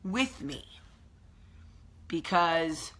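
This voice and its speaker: A woman's voice: fairly low pitch, expressive, extremely slow, fairly bright tone. A woman with a New Jersey accent hosting a casual morning vlog at home, chatty and emphatic. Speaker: host.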